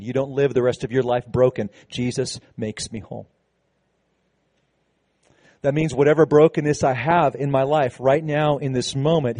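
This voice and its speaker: A man preaching a sermon to a congregation, emphatic, slowing down on key phrases and leading call-and-response. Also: mid-range voice, darkish tone, dry recording. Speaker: pastor.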